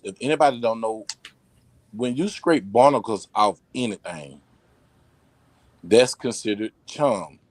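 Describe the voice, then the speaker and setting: Male podcast host, profane and animated. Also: mid-range voice, no room sound. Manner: loose, rambling delivery with restarts. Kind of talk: casual podcast chat.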